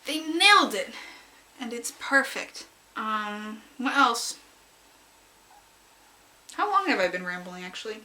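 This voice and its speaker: Young woman, bright higher voice, giggly chatty fan ramble. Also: slow pace, pauses often. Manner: excitable and giggly, squeals when quoting her own reactions. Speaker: fanfic reviewer. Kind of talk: casual rambling review.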